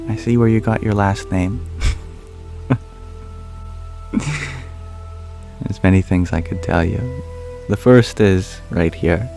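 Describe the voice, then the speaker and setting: A man speaking softly and calmly as an ASMR livestream host, answering viewer questions. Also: on the low side, vocal fry. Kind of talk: soft-spoken ASMR livestream chat.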